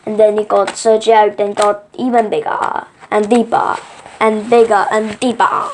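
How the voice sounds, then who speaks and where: A woman reading a children's book aloud, slow and halting, with small slips. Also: medium pitch, flat delivery, a little mellow, slight background noise. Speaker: reader.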